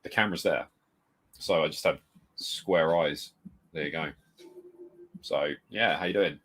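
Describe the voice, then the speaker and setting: A man with a very deep voice and fairly bright tone chats casually on a home live stream, speaking a little slowly. He rambles and greets viewers by reading their comments aloud, in a room full of retro games with a desk mic pulled close.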